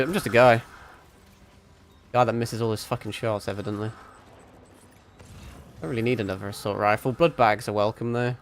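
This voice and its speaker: A man's voice: mid-range voice, slight background noise. A young man streaming a shooter game, rambling and swearing casually as he plays. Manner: sweary, rambling, self-mocking. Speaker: vtuber streamer. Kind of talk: casual gaming stream commentary.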